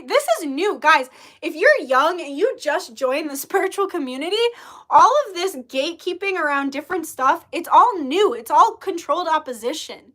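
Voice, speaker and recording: Woman host, high bright voice, blunt profane storyteller venting to her audience. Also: animated, moderate pace. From Native American. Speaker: spiritual livestream host. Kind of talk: casual monologue storytelling.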